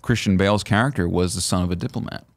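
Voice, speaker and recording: Easygoing man, low and dry. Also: quick pace, no room sound. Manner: easygoing, rambling with many fillers. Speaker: guest actor. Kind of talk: casual chat.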